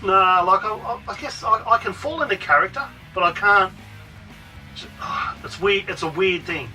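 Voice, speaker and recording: A man's voice: high-pitched, moderate pace, sharp tone, recorded from a distance, soft background music, low-quality recording. A man hosting a casual podcast chat, laughing and rambling with restarts. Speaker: podcast host.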